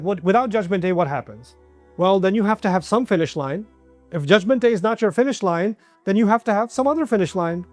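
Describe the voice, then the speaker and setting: A man delivers a religious talk in a relaxed, conversational manner, and his voice sits fairly high for a man. He keeps asking the listeners questions and briefly acts out the people he describes. Soft music plays faintly beneath him. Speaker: preacher. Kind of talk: religious lecture.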